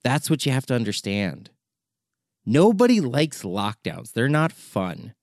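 A documentary filmmaker giving an impassioned opinion monologue, exasperated and urgent, often repeating words for emphasis. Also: male voice, mid-range voice, big pitch swings, unhurried, a little mellow, dry recording, clean studio sound.

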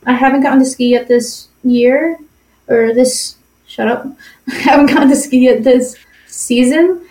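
A young woman from New York co-hosting a podcast in casual chat, blunt and quick to laugh. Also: high-pitched, dark tone, echoey room, low-quality recording. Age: young adult. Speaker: podcast co-host.

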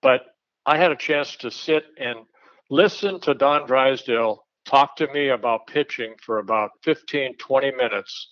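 A man, a former pitcher, telling blunt, folksy anecdotes in a casual chat, with an occasional chuckle. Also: moderate pace, fairly bright tone, dry recording. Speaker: retired pitcher, guest storyteller. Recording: dull, lo-fi dry sound.

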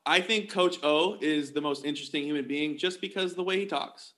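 A man hosts a relaxed interview and asks his guest playful, teasing questions. His voice is pitched fairly high and sounds bright. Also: a little fast. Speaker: interviewer host. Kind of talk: casual interview chat.

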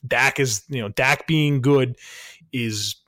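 A man's voice: mid-range voice, takes it slowly, bright, forceful tone, no echo, clean studio sound. A man co-hosting a podcast, talking sports in an upbeat, teasing way. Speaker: podcast co-host. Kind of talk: casual sports chat.

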